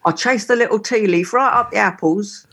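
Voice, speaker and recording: A woman's voice: mid-range voice, moderate pace, fairly bright tone, breathy edge. A woman on a call, chatting casually and telling stories from her touring days, playfully acting out examples. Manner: chatty storyteller, playfully demonstrates slang. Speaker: guest musician.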